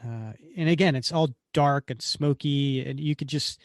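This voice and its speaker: A man's voice: a little high, moderate pace, no echo, clean studio sound. A man co-hosting a podcast, casually recapping a comic book page by page and briefly acting out the characters' lines. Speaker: podcast co-host.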